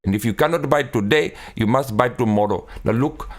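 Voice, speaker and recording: A man's voice: medium pitch, a little fast, natural voice. A man voicing a pushy male corner-shop owner with an Indian accent who haggles in broken grammar.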